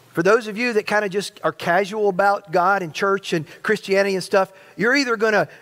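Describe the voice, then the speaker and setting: High-voiced male pastor preaching a sermon. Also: a bit bright. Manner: stirring preacher who addresses the congregation directly; repeats and restarts phrases.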